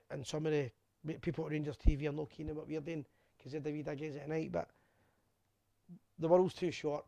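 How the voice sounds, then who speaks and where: A man's voice: fairly high pitch, vocal fry, no room sound. A Scottish man hosting a fan live show, chatting casually and reading out viewers' messages while a bit drunk. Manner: chatty, rambling, shouts out viewers by name.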